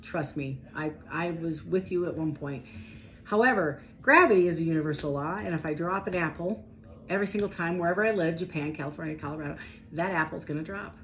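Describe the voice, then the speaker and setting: A woman giving a casual, animated tarot reading, talking straight to her viewers in a chatty way. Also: lowish voice, brisk, faint music behind, rough recording. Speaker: tarot reader.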